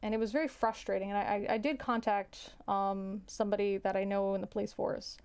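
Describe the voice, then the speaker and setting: A young adult woman telling a story in a casual, halting way. She repeats herself and sighs now and then. Her mid-pitched voice has a gravelly edge. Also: steady tone, darkish tone. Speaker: teacher.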